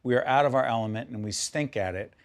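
Gravelly-voiced enthusiastic male TV host. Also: mid-range voice, fast. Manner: enthusiastic, interrupting, playful. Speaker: TV interview host. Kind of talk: TV interview.

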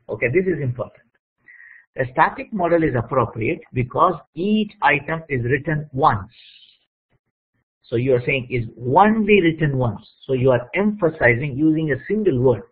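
A man's voice: a little high, breathy edge. A man explaining lecture slides, checking in often with "okay?" and "right?" as he teaches. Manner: plain teaching tone with frequent "okay?" check-ins. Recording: tinny phone-like audio.

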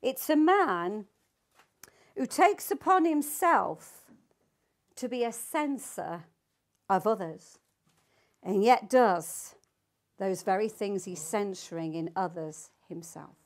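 A woman's voice: mid-range voice, animated, slow pace, pauses often. An older woman teaching the Bible to a small group, reading scripture aloud and asking her listeners emphatic questions.

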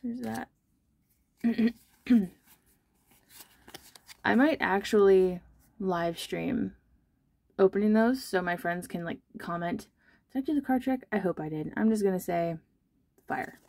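Bubbly young woman vlogger, mellow voice. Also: mid-range voice, slow pace, vocal fry, long pauses, dry recording. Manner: bubbly, chatty, self-deprecating. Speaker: card-opening vlogger. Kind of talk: casual chat while opening card packs.

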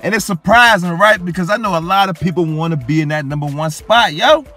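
A man's voice: high voice, a little fast, sharp tone, faint music behind. Hyped young man bragging over gameplay. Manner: hyped, boastful, repeats phrases ending in "coach" and "yo". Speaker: gaming YouTuber. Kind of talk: live gameplay commentary.

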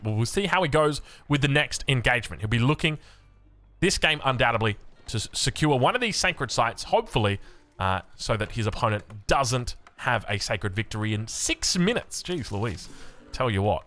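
An Australian man giving casual strategy game commentary, joking and poking fun at himself between plays. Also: medium pitch. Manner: animated, joking, self-mocking asides. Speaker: game caster.

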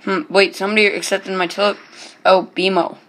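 His voice sits high with little pitch movement, brisk and sharp in tone, as he hosts his own channel and comments casually on gameplay. Lots of ums and restarts make him sound hesitant, though he stays chatty and keeps joking.

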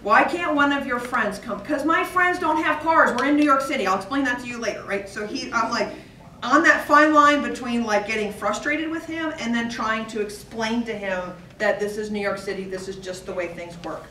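A woman's voice: fairly high pitch, normal speed, pushed and bright. Woman telling a funny story, echoey room. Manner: acts out dialogue, drops to a whisper for her son. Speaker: speaker at a speaking club. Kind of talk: humorous storytelling speech. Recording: echoey room, distant mic, faint hiss.

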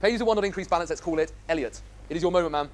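There's slight background noise as a man with a voice on the high side races through a live coding lecture. The instructor stays upbeat and enthusiastic, quizzing the class along the way.

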